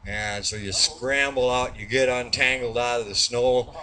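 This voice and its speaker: A man's voice: mid-range voice, steady tone, bright, forceful tone, a little hiss or hum. Folksy Midwestern man telling a bar joke. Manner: folksy, drawn-out delivery with fillers. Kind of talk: rambling storytelling.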